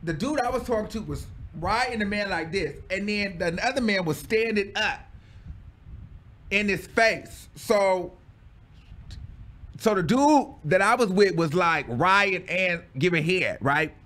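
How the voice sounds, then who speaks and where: A man's voice: sits high, animated, measured pace, a bit bright. A man telling a personal story in casual story-time style, dramatic and full of exclamations.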